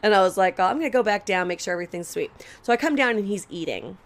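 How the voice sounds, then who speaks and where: A woman's voice: mid-range voice, expressive, quick pace. A young adult woman co-hosting a podcast, telling a long story in casual chat, acting out quotes and swearing freely. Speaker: podcast co-host.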